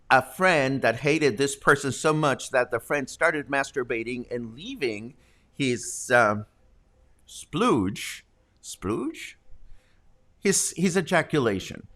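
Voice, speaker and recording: A man's voice: medium pitch, animated, slow pace, sharp tone. A man hosting a local talk show, casually explaining slang with jokes and asides. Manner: chatty, joking, explains slang.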